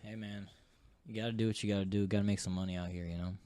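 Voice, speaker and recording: A man's voice: on the low side, steady tone, rapid-fire, crowd noise. A young man co-hosting a podcast, chatting casually in a laid-back, slangy way. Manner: laid-back slangy, lots of "dude" and "bro". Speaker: podcast co-host. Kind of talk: casual chat.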